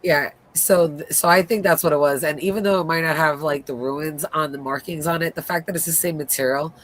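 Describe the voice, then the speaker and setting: A woman with a low, deep voice hosts a casual live recap of a TV episode. She retells the scenes in an animated way and acts out the characters' lines as she goes. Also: a little fast. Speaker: host.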